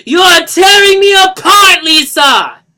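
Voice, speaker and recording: A man's voice: extremely high pitch, lively intonation, takes it slowly, pushed and bright, shouting, pitched above the performer's own voice, heavily acted. A man voicing a melodramatic, overwrought man who pleads and rages. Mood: anguished shouting. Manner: strained, overblown outbursts.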